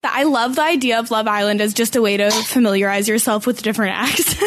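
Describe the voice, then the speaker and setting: A young adult woman chatting casually on a podcast, enthusiastic and quick to laugh. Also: a little high, no echo.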